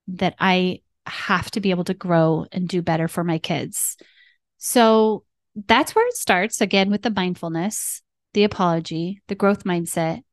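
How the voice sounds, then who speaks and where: Female parent coach and podcast host, mid-pitched, instructive, dry close-mic read. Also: no room sound. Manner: teaching in numbered steps, checking in with "right?" and "okay".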